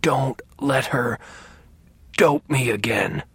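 A man voicing a dying older man in pain, speaking in a weak, hoarse whisper. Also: mid-range voice, slow pace, a bit bright, no room sound, full character voice. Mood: weak, strained. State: in pain, gasping.

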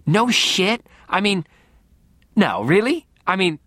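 A gawky young nerd, sulky and slangy, whose voice jumps higher whenever he gets worked up, as a male reader puts him on. The reading is lively and swoops around, in a dry, close recording. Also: takes it slowly, no echo, exaggerated voice. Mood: excited. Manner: mumbling, slangy, excitable.

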